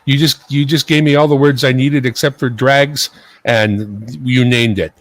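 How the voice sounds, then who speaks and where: A man hosts a casual live stream with a bouncy, lively voice that rises and falls a lot. He jokes and teases himself as he chats along. The sound is dry and close, with no room echo. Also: medium pitch, a little slow. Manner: joking, self-mocking, chatty. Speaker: livestream host.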